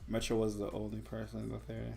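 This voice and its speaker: A man in casual podcast chat as co-host, teasing and bantering quickly. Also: lowish voice, completely flat delivery, vocal fry, mellow, faint music behind.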